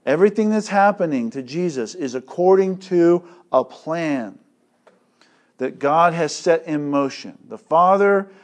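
Slow, deliberate male preacher. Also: fairly high pitch, animated. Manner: slow and deliberate, with loud emphatic swells; conversational, with casual asides. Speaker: pastor. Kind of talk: expository sermon.

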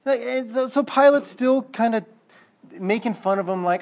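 A man preaching with lively energy, slipping into little acted voices and checking in with the room. He sinks to a low, hushed tone when the message turns heavy. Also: normal speed, gravelly. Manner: animated, acts out quotes, checks in with listeners. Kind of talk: sermon.

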